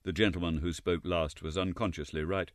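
A man reading a classic novel aloud as an audiobook narrator, expressive and wry. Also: sits low, brisk, no echo, studio quality.

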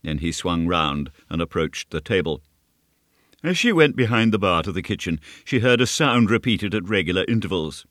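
A man reading a classic novel aloud as scripted narration, in a measured, steady storytelling manner. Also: deep voice, no echo, studio quality. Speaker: audiobook narrator.

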